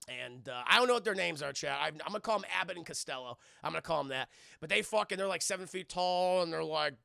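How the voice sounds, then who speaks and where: Guy doing a sweary movie breakdown for his chat, super gravelly voice, bright and dry sounding. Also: sits high, no echo. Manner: rambling, profane, acts out characters' lines. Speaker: streamer reviewing a film for chat. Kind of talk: casual profane movie recap.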